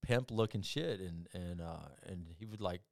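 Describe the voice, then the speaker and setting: A man's voice: low voice, normal speed, vocal fry, darkish tone, no echo, studio quality. A man, a podcast guest, telling rambling stories in casual talk, swearing often and acting out the people he quotes. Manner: profane, rambling, with restarts; acts out quoted people with big jumps in voice. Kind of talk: casual storytelling.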